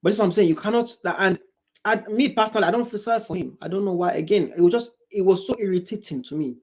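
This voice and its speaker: A man's voice: high-pitched, fast. A man hosting a reaction video, commenting in a mocking way and mimicking the people he watches.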